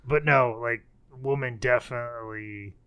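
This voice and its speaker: A man's voice: mid-range voice, fairly even intonation, unhurried, a bit bright, smooth, no room sound, clean studio sound. A man co-hosting a podcast from his apartment, riffing with crude jokes and swearing. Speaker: podcast co-host. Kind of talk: casual podcast banter.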